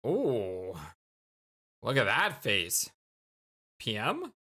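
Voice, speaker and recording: A let's play host giving casual commentary and reading game text aloud, full of quick reactions and exclamations. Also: medium pitch, huge pitch swings, bright, forceful tone, husky.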